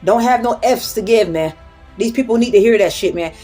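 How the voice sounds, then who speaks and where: A woman's voice: fairly high pitch, brisk, dark tone, husky, soft background music. A woman hosting a casual motivational talk, blunt and profane as she tells stories to her audience.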